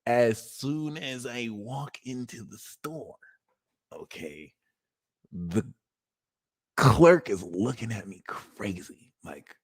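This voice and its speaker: A young man doing a live tarot reading, telling stories in a casual, slangy way and now and then bursting into loud acted-out lines. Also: mid-range voice, takes it slowly, pauses often, husky. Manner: animated, slangy, swings into loud acted-out exclamations. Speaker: tarot reader.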